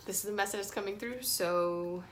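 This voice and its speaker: A woman giving a casual, emphatic tarot reading, swinging between soft and loud. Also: mid-range voice, moderate pace. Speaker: tarot reader. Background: faint playlist music.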